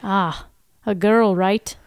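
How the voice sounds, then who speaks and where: A woman's voice: mid-range voice, steady tone, slow, clear, resonant tone, dry recording, clean studio sound. A woman reading a TV scene, voicing a brash, teasing Scottish male runner with a put-on Scottish accent. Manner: playful, teasing, calls people brother. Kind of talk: read-through of a TV scene.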